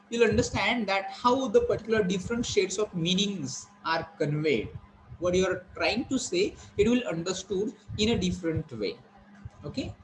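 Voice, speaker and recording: Male lecturer, slightly raised pitch, halting and repetitive classroom delivery. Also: a little hiss or hum, poor audio. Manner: explanatory, repetitive, many fillers and restarts. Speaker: college lecturer.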